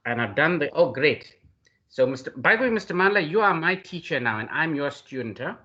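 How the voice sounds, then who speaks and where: A male lecturer hosts an online class and praises the trainer with effusive enthusiasm, addressing him by name again and again. His voice is fairly high and bright, with a forceful edge. The audio is dull and lo-fi, as on a video call. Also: big pitch swings, a little fast. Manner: effusive, addresses the other man by name constantly.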